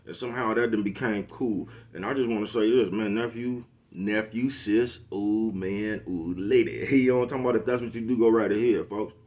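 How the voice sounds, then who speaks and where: A man's voice: fairly low pitch, steady tone, brisk, hardly any pauses, darkish tone. A middle-aged man, giving a preachy casual monologue to camera and constantly asking if you know what he's talking about. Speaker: social media commentator.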